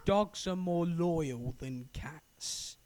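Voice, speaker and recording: A man's voice: on the high side, drawn-out words, noisy background. A man co-hosting a casual podcast, explaining things emphatically in a lecturing way. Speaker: podcast co-host. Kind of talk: casual chat.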